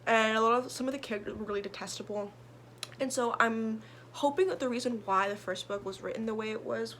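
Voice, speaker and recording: A woman's voice: medium pitch, a bit bright, a little hiss or hum. A young woman, a book vlogger, chatting casually about her reading list in a rambling way full of fillers and restarts. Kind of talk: casual chat.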